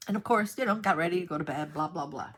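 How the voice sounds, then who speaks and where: Lower-voiced lady vlogging while she crafts, rambly and chatty, little clicky noises behind her. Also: quick pace, slight background noise. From New York. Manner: chatty, rambling, animated when retelling. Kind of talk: casual storytelling while crafting.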